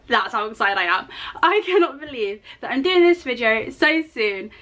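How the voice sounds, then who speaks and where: A young woman chatting excitedly to camera in a casual vlog, giggly and bubbly. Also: fairly high pitch, moderate pace. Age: young adult. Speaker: YouTuber. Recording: faint background noise.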